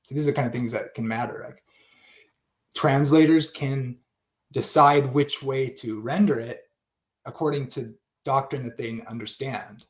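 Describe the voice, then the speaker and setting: A man's voice: medium pitch, unhurried. A man giving an unscripted Bible study talk, thinking aloud with many restarts and asides.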